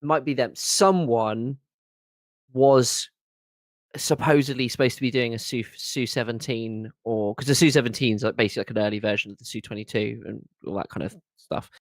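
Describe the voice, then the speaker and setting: A man's voice: medium pitch, steady tone, moderate pace, no echo. A man co-hosting a casual livestream chat, talking enthusiastically and rambling with restarts. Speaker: co-host.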